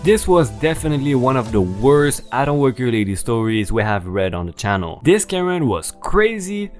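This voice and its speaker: A man's voice: mid-range voice, big pitch swings, moderate pace, faint music behind. A man narrating online stories for a channel, reading aloud expressively and adding his own commentary.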